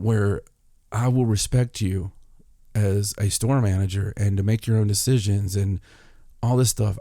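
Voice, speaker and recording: A man's voice: fairly low pitch, dark tone, no echo, studio quality. A man hosting a podcast, casually telling a story and acting out both sides of an argument. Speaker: podcast host.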